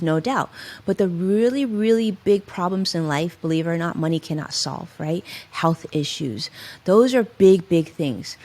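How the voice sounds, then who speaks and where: A middle-aged woman with a slightly low voice speaks as a financial advisor being interviewed. She talks with emphasis and expressive swings. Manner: emphatic, expressive advice-giving. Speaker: financial advisor, podcast guest. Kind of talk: interview conversation.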